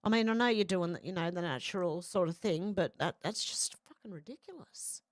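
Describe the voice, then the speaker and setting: A woman's voice: on the low side, a little fast, no room sound, studio quality. Chatty woman hosting a stream. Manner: chatty, swears freely, reads viewer comments aloud. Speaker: show host reading live chat. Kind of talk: casual livestream chat.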